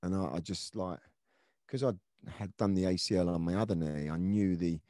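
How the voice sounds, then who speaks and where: Deep-voiced reflective man, mellow tone. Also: normal speed, no echo, clean studio sound. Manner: earnest, reflective, many restarts and fillers. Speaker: former footballer, podcast guest. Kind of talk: conversational storytelling interview.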